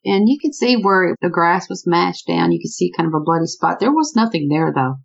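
A woman telling a true story about a strange encounter in a lively, conversational way, often repeating "I said" as she acts out what people told each other. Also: fairly low pitch, vocal fry, highs cut off.

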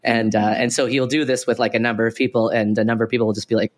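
A man's voice: medium pitch, level tone, racing, hardly any pauses. A man co-hosting a podcast who explains things in a casual, rambling way, full of "like" fillers and restarts. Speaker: podcast co-host.

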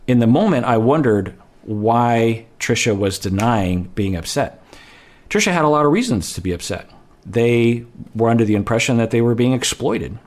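A man who works as a therapist, explaining ideas in a measured way and correcting himself as he thinks aloud. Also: lowish voice. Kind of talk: explanatory podcast talk.

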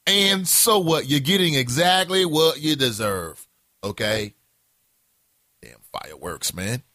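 Guy hosting a morning show, swoopy lively delivery, bright edge. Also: high-pitched, dry recording, clean studio sound. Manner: animated storytelling, profane, laughs at himself. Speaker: host. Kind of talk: casual morning talk show monologue.

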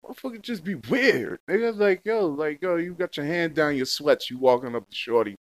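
Young man, high-pitched, dry close mic; profane, heated street-slang rant. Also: animated, brisk, no echo. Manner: heated, repetitive, heavy slang and swearing. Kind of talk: casual profane rant to camera.

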